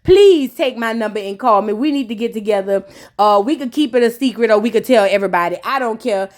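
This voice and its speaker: Woman doing a smooth flirty man. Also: on the high side, quick pace, a little mellow, voice pushed down, close to an everyday voice. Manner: smooth, pleading, offhand.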